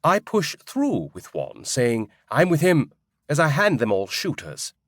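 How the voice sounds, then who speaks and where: Male audiobook narrator, wry and animated, dry studio read. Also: medium pitch, a little slow, dry recording. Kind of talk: first-person audiobook narration.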